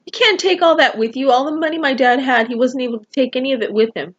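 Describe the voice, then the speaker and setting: This woman talks fast in a high, somewhat bright, slightly rough voice, captured with lo-fi sound. She's a vlogger speaking to camera about family and people, emotional and meandering, with "you know" and other fillers throughout.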